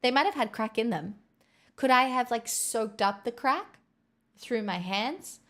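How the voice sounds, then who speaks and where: A woman's voice: on the high side, animated, unhurried, fairly bright tone. Bubbly rambling woman streamer. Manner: bubbly, rambling, self-mocking. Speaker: livestreamer. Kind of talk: casual livestream chat. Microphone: headset.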